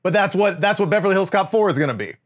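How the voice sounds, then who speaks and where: A man's voice: sits high, animated, racing. A man co-hosting a casual movie podcast, rambling and wry, with lots of fillers. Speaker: podcast co-host. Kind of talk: casual movie review chat.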